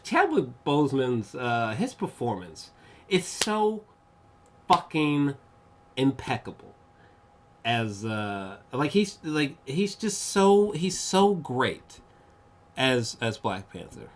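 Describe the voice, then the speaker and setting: A man's voice: mid-range voice, takes it slowly, a little hiss or hum. Rambling, profane man reviewing a film. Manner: rambling and profane, heavy with fillers; excitable, gushing bursts of enthusiasm. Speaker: movie reviewer. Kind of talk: casual spoken film review.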